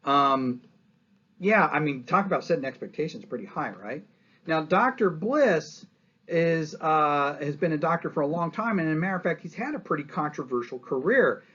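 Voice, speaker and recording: A man tells history to his class as a story, acting out what people said and often adding "right?". His voice sits a little high for a man. The recording sounds dull and lo-fi. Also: lively intonation, moderate pace, fairly bright tone, breathy edge. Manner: storytelling with acted-out quotes and frequent "right?". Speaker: history lecturer.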